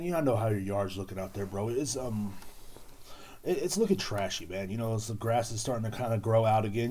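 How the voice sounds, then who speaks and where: A man's voice: fairly low pitch, mellow, slight background noise. A young adult man, rambling sarcastically and profanely through a solo podcast monologue, full of fillers. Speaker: podcast host.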